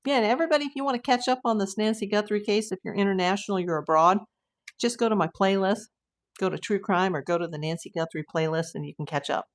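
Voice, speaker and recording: An older woman from the United States, hosting a casual livestream, chatting and reading out viewer messages with frequent exclamations. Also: medium pitch. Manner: chatty and exclamatory, quick to say wow. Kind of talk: casual live chat.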